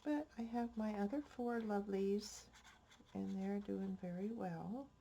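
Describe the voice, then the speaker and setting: A woman's voice: medium pitch, measured pace, gravelly, dark tone, a little hiss or hum. An older woman hosting a crafting vlog, chatting in a rambling, homespun way, a bit stuffy-nosed. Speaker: crafting channel host. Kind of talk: casual crafting vlog chat.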